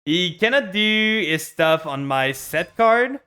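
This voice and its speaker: Young man, streamer, card game play-by-play, frustrated ranting, slightly high voice. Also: expressive, slow, pushed and bright, smooth. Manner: frustrated, ranting about his opponent. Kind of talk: live gameplay commentary.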